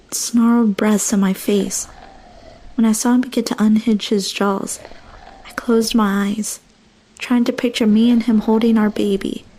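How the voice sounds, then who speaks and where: A woman reads a first-person horror story in a mellow, somewhat high voice. Her delivery is hushed and tense, easing down into slow, near-whispered passages.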